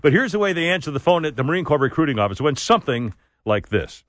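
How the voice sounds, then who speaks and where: A man's voice: a little high, big pitch swings, fast, a bit bright, dry recording. A middle-aged man hosting a talk radio show, brash, joking and rambling. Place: radio studio.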